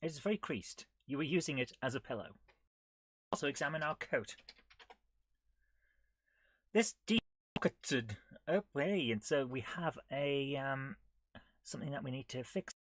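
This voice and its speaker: A woman's voice: extremely low pitch, lively intonation, a little slow, pauses often. A woman chatting casually on a live coding stream, giggling often and reading on-screen text aloud in a playful way. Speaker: retro gaming streamer.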